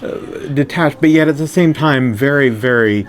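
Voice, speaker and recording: A man's voice: medium pitch, moderate pace, faint music behind. A man co-hosting a travel vlog aboard a cruise ship, adding dry, quippy asides. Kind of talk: casual vlog chat.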